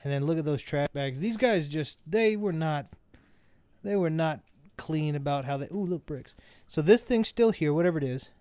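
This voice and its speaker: A man's voice: a little high, animated, normal speed, mellow, no echo. A man casually commentating a video game he plays, rambling and often correcting himself mid-sentence. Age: adult parent. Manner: rambling, self-correcting, chatty. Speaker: let's play host.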